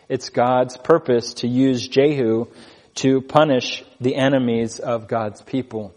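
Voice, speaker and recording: A man preaching an expository sermon, reading scripture slowly and stressing key words with deliberate pauses. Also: mid-range voice, a little mellow, long reverb tail. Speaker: pastor.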